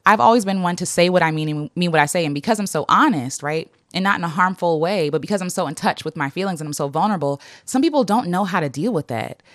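A woman's voice: fairly low pitch, expressive, quick pace, few pauses, a bit bright, no room sound, studio quality. A woman vlogger reading affirmations to her inner child and reflecting openly, laughing often and talking casually with many fillers.

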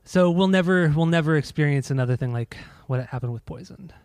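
A man's voice: fairly high pitch, fairly quick, a little mellow, clean tone, no echo. Teasing young man, podcast co-host. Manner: teasing, asks short questions. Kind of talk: casual chat.

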